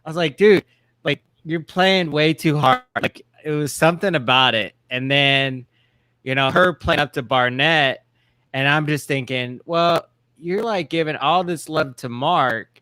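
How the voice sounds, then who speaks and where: A man's voice: fairly high pitch, unhurried, pushed and bright, clear, resonant tone, dry recording. A man co-hosting a casual TV recap chat, rambling with many fillers and restarts. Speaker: co-host.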